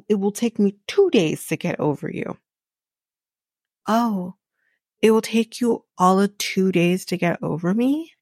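A woman with a lowish voice hosts a podcast, recapping a reality show in a loose, chatty way. She is blunt and sarcastic, swears freely and laughs often. Her voice sounds dry and close, with no room echo. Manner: laughs often while talking. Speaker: podcast host.

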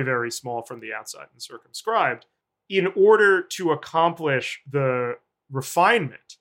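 A man, a journalist guest, giving long, deliberate analytic answers in an interview. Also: medium pitch, fairly bright tone.

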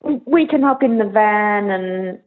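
A woman recalling her time in a band in a slow, reflective interview, pausing and restarting as she thinks. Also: medium pitch, lively intonation. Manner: slow, thoughtful, with pauses and restarts. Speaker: interviewee, former bandmate. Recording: phone-like narrow line.

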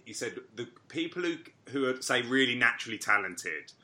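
A man co-hosting a casual chat in a relaxed, agreeable way. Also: mid-range voice, a little fast.

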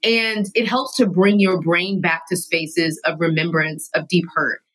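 A woman guest in a studio telling her own story candidly, emphatic and animated, sometimes laughing through her words. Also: lowish voice, unhurried, husky, poor audio. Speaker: podcast guest.

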